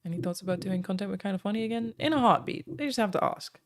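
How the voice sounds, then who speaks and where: A woman from Australia with a medium-pitched voice chats casually on her stream. She thanks her viewers by name between stretches of talk and fills pauses with frequent "um"s.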